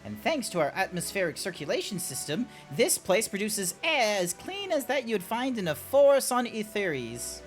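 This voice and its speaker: Fussy posh British game character, lifted pitch, genteel and drawn-out, voiced by a male streamer. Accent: put-on British. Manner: plummy, drawn-out, overly polite delivery.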